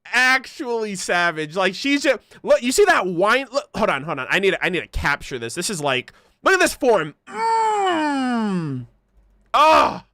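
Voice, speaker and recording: Bright excitable male streamer. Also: high voice, normal speed, no room sound, clean studio sound. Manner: excitable, laughing, swearing freely, chatty with viewers. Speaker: livestream host reacting to an animated series. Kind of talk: casual livestream commentary.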